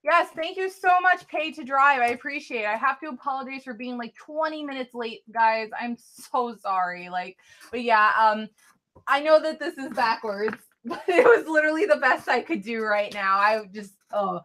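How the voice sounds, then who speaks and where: A woman's voice: on the high side, moderate pace, fairly bright tone. A woman chatting casually on a live stream, reading out viewer names, thanking viewers and apologizing a lot. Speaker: live-stream tarot reader.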